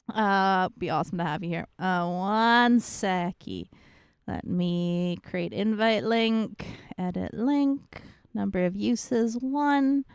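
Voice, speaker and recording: A woman's voice: medium pitch, clean tone, dry recording, clean studio sound. A woman streamer in casual chat, greeting viewers one by one in a bubbly, playful way.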